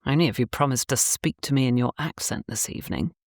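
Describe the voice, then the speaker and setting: A woman voicing a courteous, roguish gentleman landowner in an audiobook, with polished speech. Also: extremely low pitch, quick pace, vocal fry, dry recording, clean studio sound. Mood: flirtatious.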